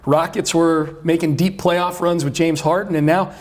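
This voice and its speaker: A man's voice: a little high, fairly even intonation, moderate pace, a little mellow. A middle-aged man who hosts sports radio, guesting in a casual chat and talking at length with many restarts. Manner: talkative, many restarts and fillers.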